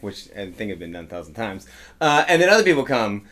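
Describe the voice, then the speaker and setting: A man's voice: on the low side, big pitch swings, fast talker, fairly bright tone. A man co-hosting a church podcast, joking around in casual rambling banter. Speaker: co-pastor and podcast host.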